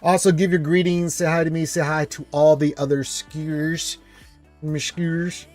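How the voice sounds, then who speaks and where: A man's voice: a little high, little pitch movement, unhurried, darkish tone, dry recording, soft background music. A man hosting a casual gaming live stream, chatting loosely and reading out viewer greetings.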